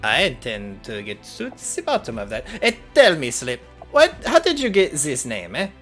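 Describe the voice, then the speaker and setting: A man's voice: medium pitch, wildly swooping pitch, normal speed, fairly bright tone, soft background music. A man voicing a boisterous swashbuckling male rogue, grandiose and playful in a tabletop game.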